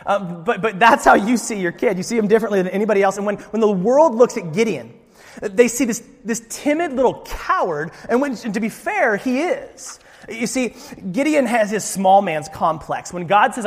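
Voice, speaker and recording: Man preaching, high-pitched voice, playful and animated delivery, long reverb from a big hall. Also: moderate pace. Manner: lively, joking, acts out voices of the story. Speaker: pastor. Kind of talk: sermon.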